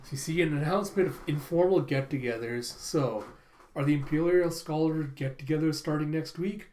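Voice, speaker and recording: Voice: medium pitch, warm tone. Casual reaction host reading a manga aloud. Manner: quick casual narration, frequent laughs. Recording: roomy echo.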